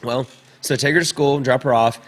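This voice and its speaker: Casual male podcast guest, thirties, mid-pitched, rambling storyteller. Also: steady tone, brisk, fairly bright tone, a little hiss or hum. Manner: rambling, repeats words while telling a story.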